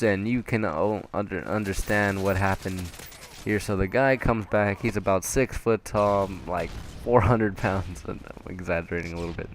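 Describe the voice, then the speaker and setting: A young man working at a fast-food restaurant, telling work stories in a casual rambling way with frequent chuckles. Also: on the low side, slight background noise. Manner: rambling, laughing often, lots of fillers. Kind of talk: casual storytelling vlog.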